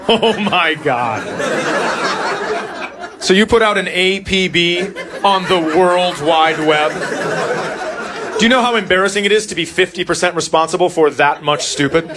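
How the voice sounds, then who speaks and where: A man in his forties telling a stand-up story about his son, dry and deadpan. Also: sits high, normal speed, pauses often, a crowd in the background, noisy background. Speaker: stand-up comedian. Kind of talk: stand-up comedy set. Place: comedy club stage. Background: audience laughing.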